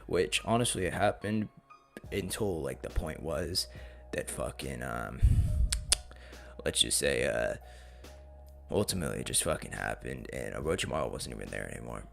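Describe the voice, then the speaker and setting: Gravelly, profane young-sounding storyteller man. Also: very deep voice, lively intonation, normal speed, pauses often, fairly bright tone, faint music behind. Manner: profane, rambling, slangy. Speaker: channel host. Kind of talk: casual what-if story narration.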